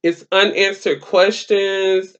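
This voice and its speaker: A woman's voice: medium pitch, little pitch movement, takes it slowly, smooth, muffled recording. A woman hosting her own live talk stream, chatting casually to viewers in a rambling way with many fillers. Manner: rambling, filler-heavy, talks straight to viewers.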